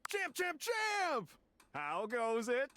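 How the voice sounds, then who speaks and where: A man's voice: sits high, wildly swooping pitch, moderate pace, fairly bright tone, slight background noise, exaggerated voice. An actor playing an overeager, chummy corporate man who pushes a survey in video game character dialogue. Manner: chummy, salesman-like.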